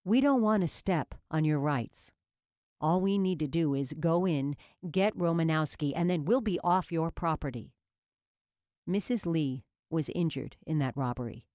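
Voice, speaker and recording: A woman reading an audiobook, voicing a patient male police officer who calmly talks a man down. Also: low-pitched, measured pace, no room sound, studio quality. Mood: soothing. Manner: soothing, patient, persuasive.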